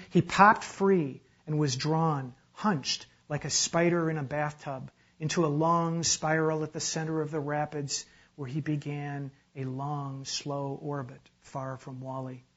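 Measured male literary narrator. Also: on the high side. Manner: measured, dramatic reading. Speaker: reader. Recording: dull lo-fi recording.

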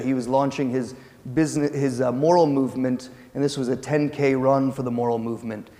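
A man gives an academic lecture, explaining in a relaxed, conversational way with small hesitations. His voice sits at a middle pitch. A long reverb follows his words through a large lecture hall.

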